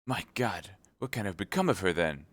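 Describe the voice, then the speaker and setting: A man's voice: deep voice, animated, normal speed, no room sound. A man voicing a timid, fawning middle-aged mercer who is eager to please. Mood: meek. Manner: meek and eager to please, turning frantic.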